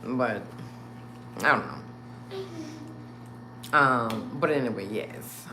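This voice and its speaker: Her voice is extremely low and a little slow, with frequent pauses and a faint hiss or hum in the audio. This live stream host animatedly tells her viewers, whom she calls y'all, a story, acting out the quotes.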